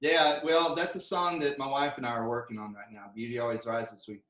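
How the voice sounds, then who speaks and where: A man telling his own story in an earnest, soft-spoken, reflective way. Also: mid-range voice, level tone, fairly quick, reverberant, recorded from a distance, low-quality recording. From United States. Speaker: recording artist. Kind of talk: candid personal story, then worship song.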